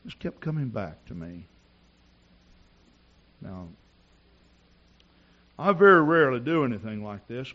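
A man preaching a sermon in a church, telling personal stories and rising to shouts at the climax. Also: medium pitch, very animated, unhurried, pauses often, dull audio. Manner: storytelling preacher who builds to shouting.

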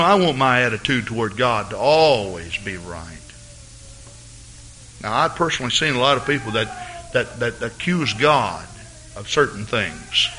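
A man preaching a fervent sermon as pastor of his church, rising to excited peaks. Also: mid-range voice, slight background noise.

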